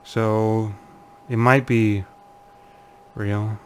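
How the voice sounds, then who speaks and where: A man's voice: lowish voice, level tone, drawn-out words, a little hiss or hum. A man casually commenting on forum posts he reads aloud, laughing nervously and muttering uneasily. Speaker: channel host.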